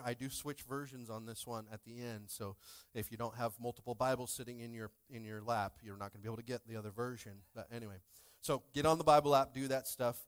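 A man's voice: medium pitch, clean tone. A man preaching a casual sermon as pastor, joking and talking straight to the congregation. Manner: joking, animated, talks to the congregation.

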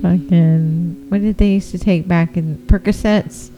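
A woman's voice: lowish voice, steady tone, unhurried, warm tone, faint music behind, rough recording. A woman chatting casually while watching a movie, making joking, profane comments. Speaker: movie reaction co-host. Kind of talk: casual watch-along chat.

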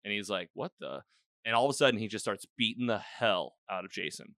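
Male host, casual recap chat; bright, crisp tone, dry studio sound. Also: on the low side, quick pace, dry recording. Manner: rambling, animated retelling with quoted lines. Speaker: podcast host.

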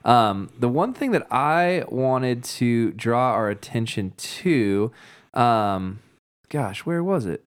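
A man's voice: mid-range voice, expressive, takes it slowly, clean tone. A man, a pastor, casually explaining a Bible passage in conversation, acting out little quotes as he goes.

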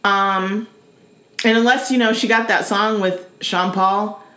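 A woman co-hosting a podcast in casual chat, animated and slangy, laughing often. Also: mid-range voice, a little slow, echoey room. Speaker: podcast co-host.

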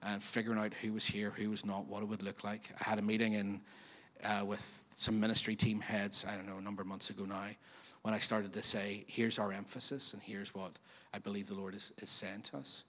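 A man preaching a sermon as pastor, in a chatty, animated way with frequent questions to the congregation. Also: on the low side, fairly quick. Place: church auditorium. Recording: long reverb of a church hall.

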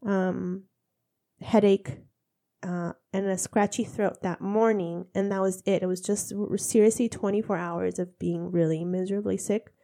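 A woman's voice: medium pitch, steady tone, unhurried, gravelly, mellow. A woman in her thirties, congested, telling stories in a casual chat with frequent laughter. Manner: chatty, laughing storyteller.

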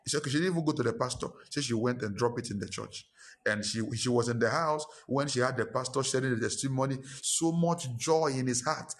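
Pastor, male, middle-aged, Ghanaian English accent; emphatic preaching with repeated phrases and climbing pitch. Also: fast. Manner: emphatic, repetitive preaching that rises in pitch and force. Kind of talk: sermon.

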